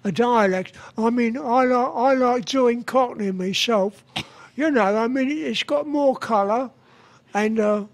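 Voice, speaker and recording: An older man as a guest, telling anecdotes in a halting way with frequent restarts and chuckles. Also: extremely high pitch, vocal fry. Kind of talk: anecdotal interview chat.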